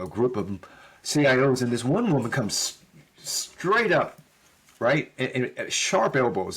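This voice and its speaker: Husky middle-aged man telling stories. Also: medium pitch. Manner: animated storyteller who acts out quoted dialogue; casual, with frequent fillers and "right?" tags. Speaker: podcast guest. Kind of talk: conversational storytelling.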